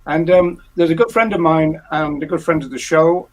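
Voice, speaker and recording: A man hosting a casual live-stream chat over a video call, talking haltingly with many fillers and restarts. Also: fairly high pitch, poor audio. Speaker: host.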